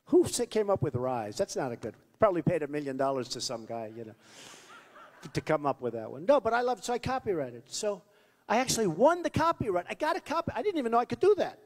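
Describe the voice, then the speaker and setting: A fast-talking man with a high, sing-song voice gives a campaign rally speech from a podium microphone in a large venue. As a political candidate, he rambles, boasts and repeats himself, all under the long reverb of a big hall.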